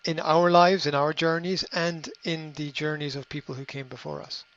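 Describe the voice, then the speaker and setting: A middle-aged man hosting a podcast, giving a motivational monologue in a halting way, repeating words and filling pauses with ums. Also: a little high, flat delivery, gravelly, a bit bright. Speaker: podcast host. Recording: slightly dull lo-fi audio.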